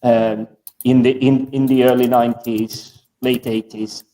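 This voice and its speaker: Male co-host, mellow tone, rambling and stammering, distant from the mic on an online call. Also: mid-range voice, level tone, measured pace. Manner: rambling, stammers and repeats words. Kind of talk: casual chat.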